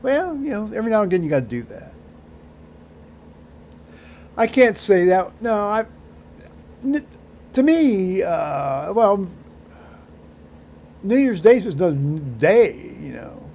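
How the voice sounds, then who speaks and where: A man rambling through a solo vlog monologue, halting with many fillers and restarts, with dry dark humor. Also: sits high, big pitch swings, creaky, a little hiss or hum. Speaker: vlogger.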